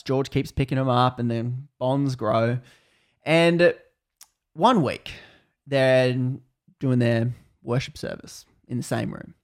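A man's voice: mid-range voice, creaky. Australian male podcast host, young, chatty storyteller who laughs a lot and slips into quoted voices. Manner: laughs often, animated retelling with quoted voices. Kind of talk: casual storytelling chat.

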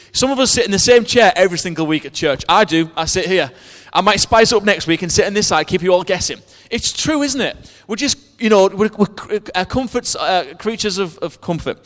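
A man's voice: sits high, lively intonation, moderate pace, a bit bright. A man preaching a sermon in church, telling stories in a chatty, self-mocking way with jokes. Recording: long reverb of a church hall.

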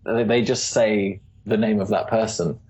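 A man with a husky voice, an easygoing guest in a casual interview who laughs often. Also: fairly low pitch, fairly even intonation, a little slow, darkish tone. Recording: dull lo-fi recording.

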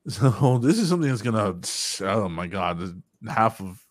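A man hosting a casual podcast, telling stories in an animated, profane way and acting out quotes. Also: on the low side, moderate pace. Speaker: podcast host.

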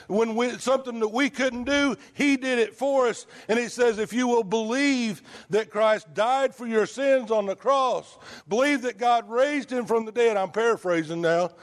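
A man preaching a sermon in a conversational way, asking the congregation rhetorical questions. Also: very high-pitched.

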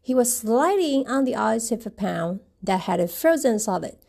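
Woman reading a children's book aloud, gravelly, husky, dark tone. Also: a little high, moderate pace. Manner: gentle, expressive, retells each page. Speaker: storybook reader. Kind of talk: bilingual picture book read-aloud.

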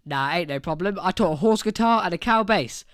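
A man's voice: high voice, animated, a little fast, fairly bright tone, clean tone, no echo, studio quality. A man doing a breezy shop clerk. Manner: breezy, reassuring. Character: laid-back male music shop clerk on the phone.

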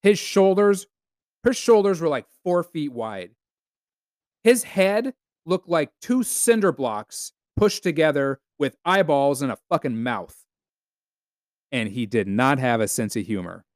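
A sarcastic man from the United States hosting a casual solo podcast, cursing freely and chuckling as he goes. His voice is smooth and clear. It sounds dry and close, with no room around it. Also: on the high side, animated, measured pace, darkish tone, no echo. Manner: sarcastic, profane, laughs often. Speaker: podcast host.

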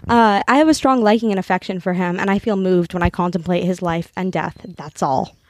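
A young woman from Los Angeles co-hosting a casual chat, laughing often and reading a book passage slowly and earnestly. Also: fairly low pitch, steady tone, no echo, studio quality. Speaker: podcast co-host.

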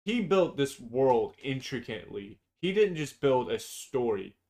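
A man's voice: medium pitch, big pitch swings, a little slow, a little mellow. A man co-hosting a casual chat, blunt and profane, opinionated and prone to long tangents. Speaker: podcast co-host.

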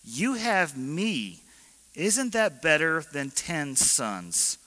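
A man's voice: on the high side, big pitch swings, very slow, pushed and bright, in a large hall, heavily acted. A man putting on a clueless, blunt husband. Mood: baffled.

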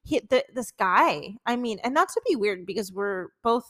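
A young adult woman co-hosting a casual podcast, telling animated stories full of "like" and laughter. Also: mid-range voice, moderate pace. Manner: animated storytelling, lots of "like" and laughing. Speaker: podcast co-host. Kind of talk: casual chat.

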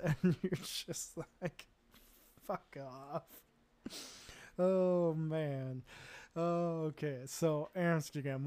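An American man hosts a casual solo podcast, speaking in a voice on the high side with a darkish yet clean tone. He tells stories in a rambling, self-deprecating way, chuckling often and using plenty of fillers.

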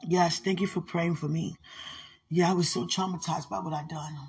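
A woman's voice: on the low side, fairly even intonation, normal speed, a little mellow, slightly rough, faint music behind. A woman leading an emotional live prayer session, often tearful, sighing and laughing as she prays and calls her listener sweetheart. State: crying.

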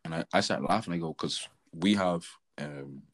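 A man's voice: low voice, moderate pace, low-quality recording. A young man, co-hosting a podcast and telling a rambling story full of slang and fillers. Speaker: podcast co-host. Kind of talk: casual chat.

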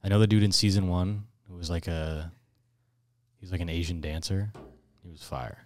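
A man's voice: low voice, fairly even intonation, moderate pace, a little mellow, a little hiss or hum. A young man co-hosting a casual podcast from a school room, teasing dryly and swearing casually. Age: young adult. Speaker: podcast co-host. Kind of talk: casual chat.

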